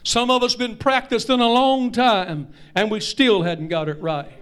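A man, preaching a Pentecostal-style sermon as pastor, repeating lines and rising to shouts. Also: sits high, fairly even intonation, unhurried, clear, resonant tone.

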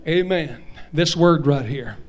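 Male pastor, high-pitched, fiery repetitive preaching. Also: slow. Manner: preaching, repeats lines and rises to shouts. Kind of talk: sermon.

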